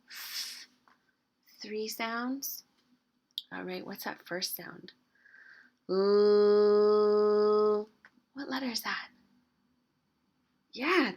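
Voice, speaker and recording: Slow, coaxing woman teaching spelling. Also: a little high. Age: adult. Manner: slow, stretched-out sounding of words, gentle coaxing questions. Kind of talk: early-grade writing lesson, modeling spelling.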